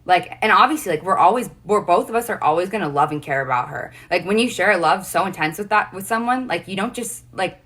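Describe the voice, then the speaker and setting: A woman's voice: fairly low pitch, animated, quick pace, few pauses, fairly bright tone. A young woman livestreaming, telling an emotional personal story in a rambling way, saying "like" constantly. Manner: rambling, heavy use of "like".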